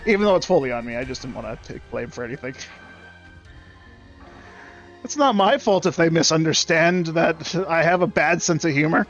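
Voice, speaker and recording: Young man, high voice, sarcastic profane rant, casual game stream, faint music behind. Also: expressive, normal speed, pauses often, fairly bright tone, lo-fi sound. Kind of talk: casual rant while gaming.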